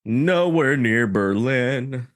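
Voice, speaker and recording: A man co-hosting a podcast, reading out supporter names with laughs and quick apologies. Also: mid-range voice, animated. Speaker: podcast co-host. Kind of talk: casual podcast chat.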